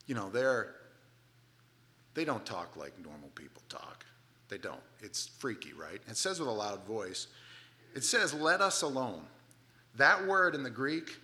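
A man's voice: mid-range voice, bright, forceful tone. A male pastor delivering a sermon in an emphatic, conversational way.

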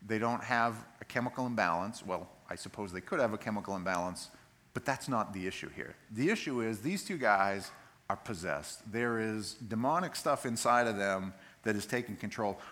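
A man's voice: lowish voice, expressive, normal speed, fairly bright tone. A male pastor giving a sermon, reading scripture and explaining it in a conversational, plain-spoken way.

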